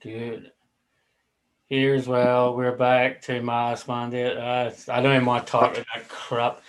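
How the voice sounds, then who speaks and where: Man, livestream host, rambling casual chat, swears easily, mid-pitched voice. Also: monotone, measured pace, low-quality recording.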